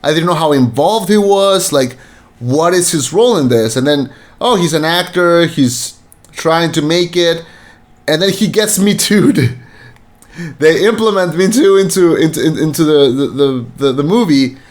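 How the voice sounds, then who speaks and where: A man chatting on a film review podcast, his voice sitting a little high for a man. He rambles, restarts his sentences and acts out what the characters said with plenty of energy. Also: a little slow. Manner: rambling, many fillers and restarts, animated quoting. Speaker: podcast co-host. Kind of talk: casual film review chat.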